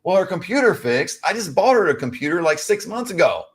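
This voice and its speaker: A man's voice: high-pitched, big pitch swings, a little fast, breathy edge. Chatty man rambling advice. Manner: rambling, addresses viewers as guys. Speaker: co-host. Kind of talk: casual advice chat. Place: lives in California.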